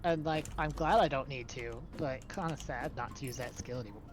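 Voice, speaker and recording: A woman's voice: rumbling low, a little fast, soft background music. A sleep-deprived woman streaming a game, rambling and thinking aloud as she plays. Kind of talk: casual chat while gaming.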